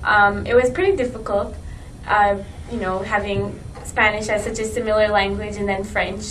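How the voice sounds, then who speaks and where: A young woman from Quebec speaks casually, pausing often with ums and uhs. She sits away from the mic, with faint noise around. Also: medium pitch, steady tone, fairly bright tone, recorded from a distance, low-quality recording. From Quebec, Canada. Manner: hesitant, many ums and uhs. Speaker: interviewee. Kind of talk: casual personal account.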